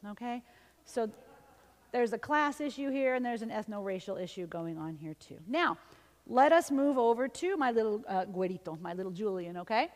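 A woman's voice: a little high, moderate pace, in a large hall. A woman linguist giving a conversational symposium lecture. She switches between English and Spanish and keeps checking in with "okay?" and "right?". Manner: lively, often ends points with "okay?" or "right?". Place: university lecture hall.

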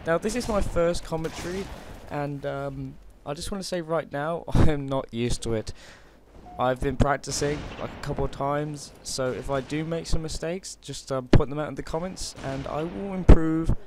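A British gaming commentator talks at normal speed in a voice on the high side, over a noisy background. He's chatty and jokey with lots of hesitations, while clear gunfire and explosions from the game play behind him.

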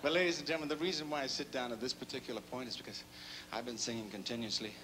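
A man's voice: medium pitch, steady tone, very fast. A male singer joking with his audience between songs, cheeky and self-mocking, a bit tired and catching his breath, in a large showroom. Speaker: singer doing stage banter. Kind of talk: live stage patter with jokes. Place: large casino showroom stage. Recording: noisy live concert recording.

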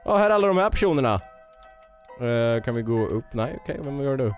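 A man commenting excitedly while playing a game and reading its text aloud. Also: mid-range voice, fast. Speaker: let's play youtuber. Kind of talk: gaming commentary. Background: game music.

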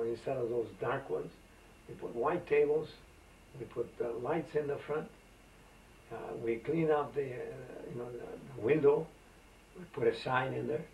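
A gravelly, mid-range voice belongs to a Macedonian man in his eighties recalling the past in an oral history interview, rambling through anecdotes with many fillers. The recording, made from a distance on roomy tape, is muffled with slight background noise.

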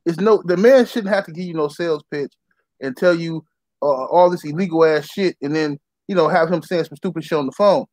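Emphatic, profane man, higher voice. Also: a little fast, a little mellow, no room sound. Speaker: podcast host. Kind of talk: casual chat.

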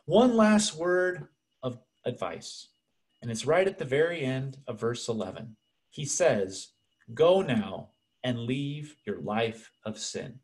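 A man preaching a sermon as pastor, earnest and conversational, speaking to the congregation as friends. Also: mid-range voice.

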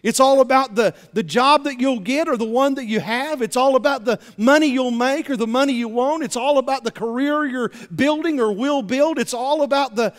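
A male pastor preaching a sermon, animated, repeating words as he builds to his points. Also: very high voice, moderate pace, hardly any pauses. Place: church sanctuary. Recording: reverberant church sanctuary.

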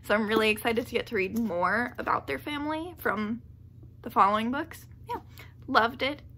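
A book vlogger chats casually, rambling and gushing, laughing often mid-sentence and filling her talk with "like." Her voice is a little high with a sharp tone, and she speaks at normal speed.

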